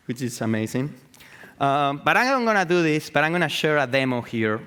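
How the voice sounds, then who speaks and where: Profane, excitable man in a reverberant hall. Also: medium pitch, fairly quick. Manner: profane, excitable, full of fillers and restarts. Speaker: artist giving a talk. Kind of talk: live conference talk. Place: event hall with audience.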